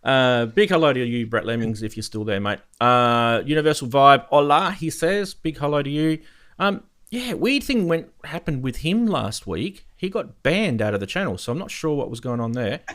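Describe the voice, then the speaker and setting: A man's voice: mid-range voice, animated, normal speed, a bit bright. A man hosting a live synthesizer stream, chatting casually and laughing often as he greets viewers in the chat. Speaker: host of a live synthesizer show.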